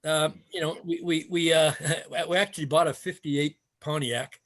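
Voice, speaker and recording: A man's voice: a little high, steady tone, moderate pace, fairly bright tone. An older man, a retired martial arts instructor, telling stories in a rambling casual way with many fillers and restarts. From Canada. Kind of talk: casual storytelling interview.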